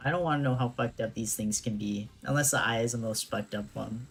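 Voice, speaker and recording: A woman's voice: extremely low pitch, fast talker, hardly any pauses, faint music behind. A young woman streamer chatting casually over a game, laughing often and talking in slang. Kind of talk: casual gameplay commentary.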